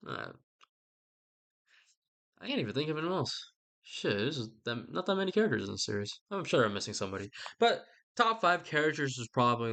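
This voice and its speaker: A man's voice: medium pitch, vocal fry, a bit bright. A young man rambling casually and offhandedly, joking and swearing. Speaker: video host.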